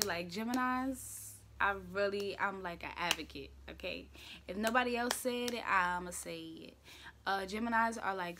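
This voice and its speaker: This is a young woman hosting a casual talk show from home, her mid-range voice a bit bright. She keeps it chatty, playful and opinionated, with lots of slang and filler words.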